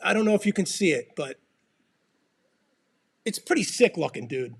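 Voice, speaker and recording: A man co-hosting a casual livestream chat, loud and laughing, swearing often. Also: high voice, big pitch swings, moderate pace, creaky, breathy edge. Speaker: podcast co-host.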